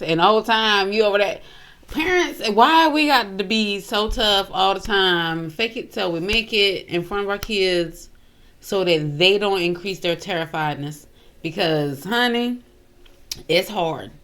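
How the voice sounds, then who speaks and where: A woman's voice: medium pitch, a bit bright. A woman hosting a reaction video, giving chatty commentary in a drawl and calling her listeners honey.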